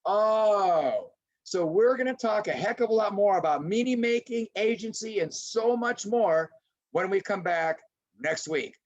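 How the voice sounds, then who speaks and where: A middle-aged man presenting a lively webinar lecture to teachers, acting out little scenes as he goes. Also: high-pitched, unhurried. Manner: animated, acts out little scenes in voices. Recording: dull lo-fi webinar audio.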